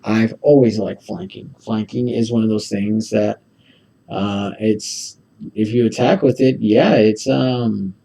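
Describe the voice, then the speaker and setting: Gravelly, rambling man on a distant mic. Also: fairly low pitch, fairly even intonation, slow pace, dark tone. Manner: rambling, full of ums and self-corrections. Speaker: card-opening video host. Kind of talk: casual card-opening commentary.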